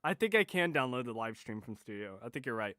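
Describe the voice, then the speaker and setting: A man's voice: mid-range voice, sing-song, fast, sharp tone, smooth, no echo, studio quality. A tired man chatting and swearing casually while live streaming late at night. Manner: profane, exasperated, rambling.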